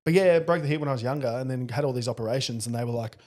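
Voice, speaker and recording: A man's voice: medium pitch, rapid-fire, a little mellow. A man in his thirties with an Australian accent, co-hosting a podcast and telling stories with lots of laughter and swearing. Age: 30s. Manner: laughing storyteller, swears freely. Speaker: podcast co-host. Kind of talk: casual banter.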